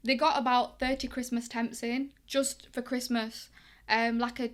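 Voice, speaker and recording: A slightly high voice at a measured pace belongs to a young English boxing coach featured as a guest. She tells stories in a relaxed interview, staying talkative and upbeat while acting out quoted dialogue.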